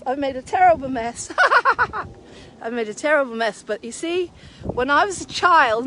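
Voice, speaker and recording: A woman's voice: high voice, a bit bright, a little hiss or hum. An exuberant woman vlogging outdoors on a green, whooping, laughing and breaking into song. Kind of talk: casual outdoor video chat.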